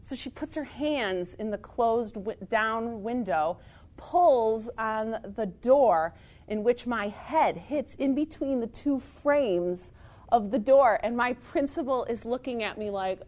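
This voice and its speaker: A woman teacher telling a personal story in a lively, self-mocking way. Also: a little high, slow pace.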